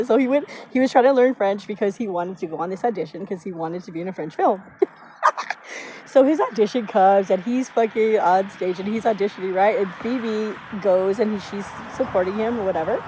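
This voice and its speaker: A woman's voice: mid-range voice, fairly quick, dark tone. Woman, intuitive reader, loose rambling delivery, salty language, noisy background. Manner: rambling, swears freely, laughs often. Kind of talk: casual spiritual reading monologue.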